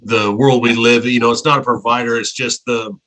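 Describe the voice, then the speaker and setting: A man with a bright, forceful voice co-hosts a relaxed podcast chat. He talks earnestly and rambles, often doubling back on his words as he thinks. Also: medium pitch, a little fast, low-quality recording. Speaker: podcast co-host. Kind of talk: casual podcast interview.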